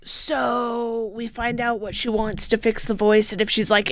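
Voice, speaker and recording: A woman with a high voice chats casually as a player in a tabletop game. She laughs often and restarts her sentences, and her voice sounds close and dry. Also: flat delivery, moderate pace, no echo.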